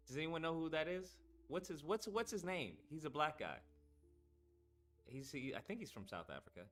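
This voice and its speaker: Bright, animated streamer man. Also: on the high side, normal speed, pauses often, soft background music. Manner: rambling and profane, talking to chat. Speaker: streamer host. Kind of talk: casual live-stream chat.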